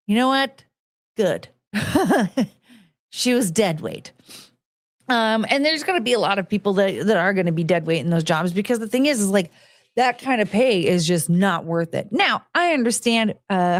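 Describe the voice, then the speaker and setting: A woman talks through her own stories in a loose, rambling podcast monologue, full of fillers and restarts. Her voice sits at an ordinary middle pitch. The recording is dry, with no room around it. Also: no room sound. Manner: rambling storytelling with fillers and restarts, frank and blunt. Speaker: podcast host. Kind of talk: casual monologue about past jobs.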